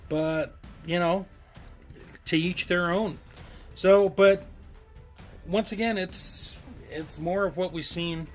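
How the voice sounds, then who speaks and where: A man's voice: high-pitched, steady tone, slow, pauses often, soft background music. A man giving a casual, rambling review of an action figure to his viewers, with frequent ums and self-deprecating asides. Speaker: toy reviewer.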